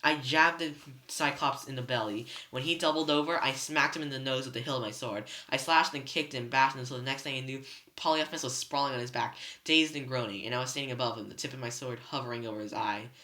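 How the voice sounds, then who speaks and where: A reader narrating a novel chapter aloud in first person, steady but with slips and restarts. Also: mid-range voice, quick pace. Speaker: student reader. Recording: roomy echo.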